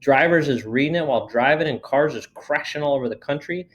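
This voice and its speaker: A man reading a children's book aloud in a lively storytelling manner. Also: a little high, a little fast, highs cut off. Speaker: reader.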